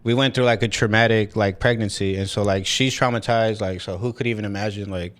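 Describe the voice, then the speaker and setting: A man's voice: on the low side, steady tone, brisk. A young man chatting loosely on a podcast, heavy on slang and fillers. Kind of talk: casual podcast chat.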